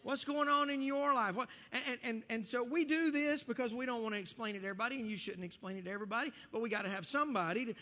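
A man with a fairly high voice preaches to his congregation as their pastor. He talks in a lively, conversational way, often restarting his sentences. His voice rings out with a long reverb from a big church hall. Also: rapid-fire, few pauses. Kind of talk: sermon.

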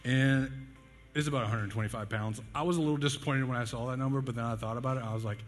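Speaking at a quick pace in a mid-range voice, this young preacher gives a laid-back sermon full of stories. He jokes, pokes fun at himself, laughs and uses many fillers, while a long hall reverb and faint background music fill the recording.

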